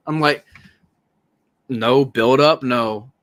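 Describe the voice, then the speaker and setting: A man hosting a podcast in casual movie talk, animated and profane, often acting out lines he quotes. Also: mid-range voice, slow pace, long pauses. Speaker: podcast host.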